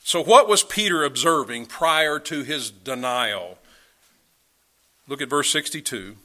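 A man's voice: mid-range voice, expressive, a little slow, bright, forceful tone. A man preaching a sermon, reading scripture aloud and pressing his listeners with emphatic questions. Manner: dramatic, rising and falling delivery with emphatic questions.

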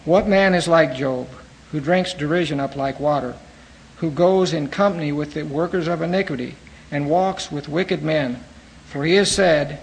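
A man's voice: on the high side, moderate pace, vocal fry, a little hiss or hum, poor audio. A man teaching through a book of the Bible, reading verses aloud and then explaining them in plain everyday words.

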